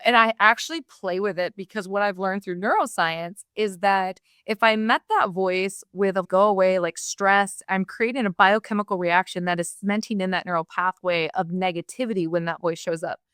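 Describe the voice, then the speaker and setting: Woman podcast host, smooth clear voice, dry close mic, upbeat chatty. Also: medium pitch, steady tone, moderate pace, few pauses, dry recording. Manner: warm, enthusiastic, laughs easily. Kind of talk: conversational interview.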